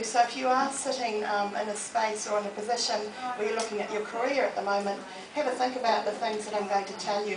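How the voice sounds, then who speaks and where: Lively New woman giving a talk. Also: mid-range voice. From New Zealand. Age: 40s. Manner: lively, humorous storyteller. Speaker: motivational speaker. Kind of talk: public talk to a live audience. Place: public library hall. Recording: echoey room, distant mic, noisy.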